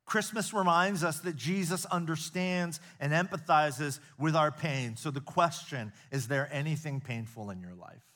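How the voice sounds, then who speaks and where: A middle-aged preacher from the United States delivering a sermon in a church before a live audience. His voice sits a little high for a man and swings from emphatic declarations to hushed, confiding stories. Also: normal speed, hardly any pauses. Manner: earnest preacher, rising to emphatic peaks, dropping to soft confiding storytelling. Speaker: pastor.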